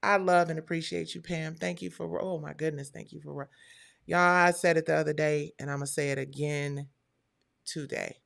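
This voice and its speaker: A woman's voice: low-pitched, steady tone, normal speed, gravelly, fairly bright tone. A woman hosting a live stream, chatting casually and talking straight to her viewers.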